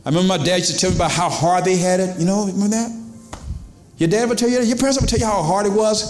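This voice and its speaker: A man preaching to his congregation, his fairly high voice dropping low for emphasis and leaping up for exclamations. The sound carries the echo of a roomy church sanctuary. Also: rapid-fire, darkish tone, faint music behind. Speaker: pastor. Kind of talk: sermon.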